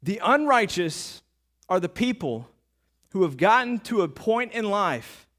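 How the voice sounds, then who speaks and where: A man preaching a sermon as a pastor, animated and conversational, with frequent asides to the crowd. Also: high-pitched, a little slow.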